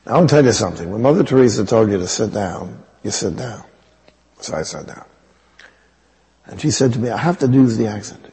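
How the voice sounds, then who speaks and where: A man's voice: lowish voice, expressive, normal speed, vocal fry, a little mellow, in a large hall. A man, a priest, telling a wry personal story in a conversational homily.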